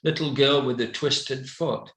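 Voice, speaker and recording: An older man giving a personal testimony as an evangelist, slow and halting, with many fillers. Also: mid-range voice, fairly even intonation, a bit bright. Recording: roomy echo.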